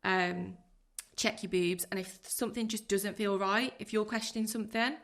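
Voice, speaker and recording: A woman in her thirties speaks with a gravelly, creaky edge to her voice. She talks earnestly and from the heart, pouring out her thoughts in rushes as a guest on a podcast. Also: medium pitch, fairly even intonation, fairly bright tone. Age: 30s. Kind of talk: emotional personal interview.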